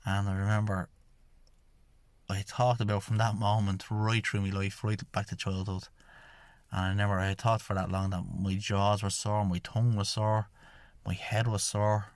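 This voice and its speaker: His voice sits on the low side, with little pitch movement, at normal speed, and there's no echo. The man is an Irish shamanic healer and podcast host from Ireland, meandering through his own tale and leaning on "I says" whenever he recounts an exchange.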